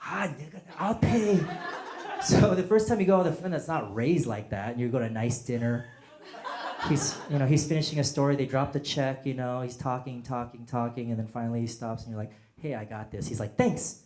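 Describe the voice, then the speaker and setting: A male stand-up comedian doing a set, animated and acting out quoted voices with loud bursts. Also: mid-range voice, quick pace, noisy background. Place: comedy stage before a live audience. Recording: echoey hall, audience laughter. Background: audience laughter.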